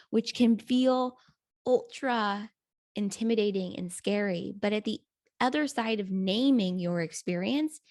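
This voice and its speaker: A woman's voice: mid-range voice, a little mellow, dry recording, studio quality. A woman hosting a podcast, affirming her guest and reflecting thoughtfully on what was said. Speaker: podcast host. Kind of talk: podcast interview.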